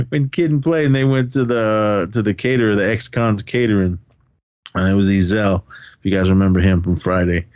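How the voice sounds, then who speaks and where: On a podcast, a male co-host with a medium-pitched voice casually recaps a comedy film, laughing often and acting out the quoted lines. The recording sounds muffled.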